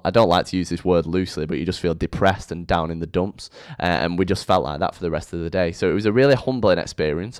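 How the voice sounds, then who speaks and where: A young man hosting his own podcast, chatting casually with a rambling, lively intonation into a microphone. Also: deep voice, smooth, no room sound, studio quality. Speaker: podcast host. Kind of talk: casual solo podcast monologue. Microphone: studio microphone.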